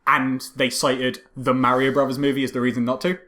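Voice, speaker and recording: A man's voice: mid-range voice, level tone, a little fast, sharp tone. A man, co-hosting a casual film review chat, dryly recapping the plot and offering trivia. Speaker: podcast co-host.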